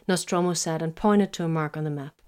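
This is a woman narrating a story in a low voice. Her delivery is quiet and even, with a steady scripted pace. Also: fairly quick, clean tone. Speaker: story reader.

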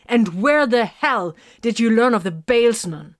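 A woman voicing a gruff male armored warrior-librarian who answers with sharp, biting retorts. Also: on the low side, moderate pace, no echo, studio quality, close to an everyday voice. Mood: furious. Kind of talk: audiobook character voice.

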